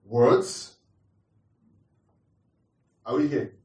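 A man's voice: mid-range voice, expressive, extremely slow, darkish tone. A man preaching a teaching sermon, repeating his points and asking the congregation questions. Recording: roomy echo, distant mic.

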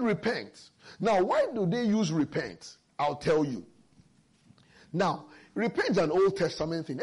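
Male preacher, husky and animated, emphatic scripture exposition. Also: on the high side. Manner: lively, emphatic Bible exposition with personal stories. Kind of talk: sermon.

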